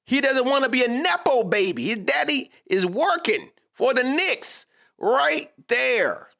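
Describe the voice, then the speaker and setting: A man's voice: very high voice, animated, a little slow, creaky, pushed and bright. A man giving a casual, slangy sports reaction monologue, talking straight to his viewers.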